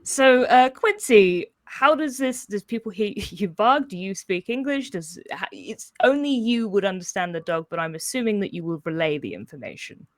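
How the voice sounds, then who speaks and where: A woman running a tabletop game as game master, chatty and laughing, with halting restarts. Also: mid-range voice, expressive, no echo, studio quality.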